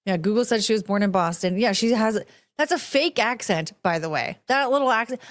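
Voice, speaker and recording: A woman's voice: medium pitch, animated, fairly quick. A woman hosting a podcast, giving blunt, profane commentary on video clips and dropping into mocking impressions. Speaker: podcast host.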